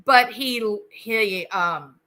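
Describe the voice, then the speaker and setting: Female host, slow and deliberate, bright tone, outraged commentary. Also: medium pitch. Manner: indignant, emphatic, repeats words for stress. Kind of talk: casual commentary.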